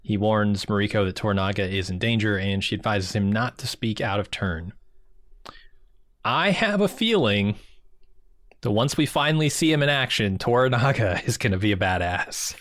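A man with a low voice recaps plot points as a podcast co-host, laid-back and quick to laugh. He reads through the events in a steady, chatty way. The sound is close and dry. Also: no room sound. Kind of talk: casual chat, recapping plot.

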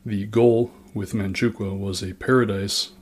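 A man's voice: fairly low pitch, fairly even intonation, a little slow, husky. A man narrating history from a script, with dry, sarcastic asides.

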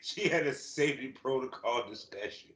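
A man's voice: mid-range voice, normal speed, fairly bright tone. A man hosting a podcast in casual chat, boisterous and repeating words for emphasis. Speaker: podcast host.

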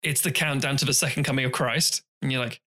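Here a male podcast co-host riffs on films in a relaxed, lively conversation, cursing and doing silly-voiced reenactments of scenes. He has a mid-range voice and a quick pace.

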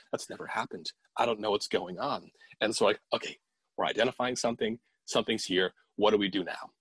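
A man casually telling a ghost story from an investigation, animated and swearing, quoting the people in it in his own voice. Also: on the low side, husky, no room sound.

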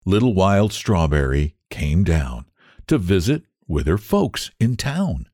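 A man reads children's rhymes aloud in a sing-song storyteller voice. His pitch swoops wide and his pace is slow. The sound is dry and close. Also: big pitch swings, a little mellow, dry recording.

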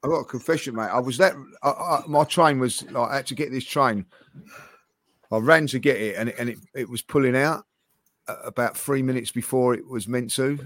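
A man's voice: medium pitch, a little fast, dry recording. A man co-hosting a football podcast, telling stories in casual chat with lots of stammering restarts. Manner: animated storytelling, stammering restarts. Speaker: podcast co-host.

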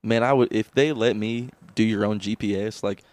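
A man's voice: on the low side, fairly even intonation, moderate pace, a little mellow, dry recording. A young man co-hosting a podcast, rambling with fillers, swearing and laughing. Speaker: podcast co-host. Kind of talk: casual chat. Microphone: podcast microphone.

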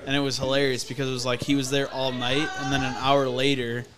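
A man's voice: medium pitch, level tone, fast talker, a crowd in the background. A young man, a podcast guest, telling a profane story loosely and full of fillers. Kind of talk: casual storytelling. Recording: audible background noise.

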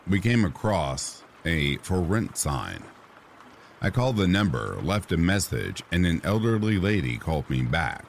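A man with an extremely deep, low voice reads true ghost stories in a slow, soothing bedtime manner. A faint hiss sits under his voice. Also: creaky. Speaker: horror story narrator. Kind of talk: calm sleep-story narration. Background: rain sounds.

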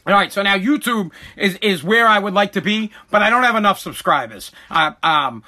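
Fuming, bright-voiced man ranting. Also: high-pitched, lively intonation, normal speed. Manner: ranting, repeats himself, swears. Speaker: content creator. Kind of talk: angry rant to camera.

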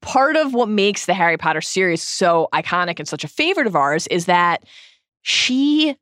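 A woman's voice: fairly low pitch, big pitch swings, normal speed, a bit bright, no room sound, studio quality. A woman co-hosting a podcast, talking eagerly about a book in a casual discussion and laughing often. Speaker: podcast co-host.

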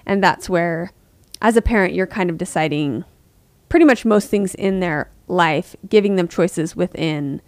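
A woman in her thirties co-hosts a parenting podcast, chatting casually and acting out quoted voices. She speaks unhurriedly in a fairly low pitch, and the recording is dry.

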